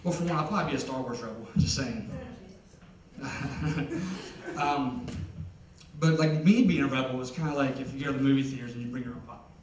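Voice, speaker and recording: A young adult man from Ohio, USA, performs a stand-up comedy set on stage at a concert venue, rambling and self-deprecating with lots of fillers. His medium-pitched voice is fairly quick, and the echoey hall recording, heard from a distance, carries a little hiss or hum.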